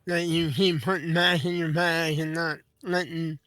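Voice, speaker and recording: A man's voice: fairly high pitch, fairly even intonation, a little slow, sharp tone, no echo. Chatty man player, close, dry sound. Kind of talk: casual tabletop play.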